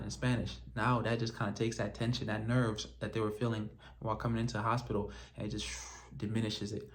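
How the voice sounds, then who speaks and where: A man's voice: lowish voice, steady tone, a little fast. A man whose first language is French, a doctor giving casual advice straight to camera, often asking "right?" as he checks his notes. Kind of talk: direct-to-camera advice talk.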